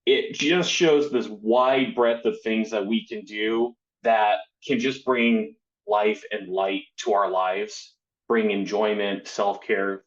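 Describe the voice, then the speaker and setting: Male podcast host, slow and affirming; muffled lo-fi mic. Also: fairly low pitch. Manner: affirming, unhurried. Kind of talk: casual interview. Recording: dull lo-fi from a poor microphone.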